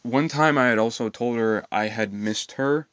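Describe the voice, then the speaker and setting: A young man telling a rambling personal story in an aggrieved, profane way, halting with fillers. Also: mid-range voice, a bit bright, smooth, no echo, dull audio. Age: young adult. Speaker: vlogger.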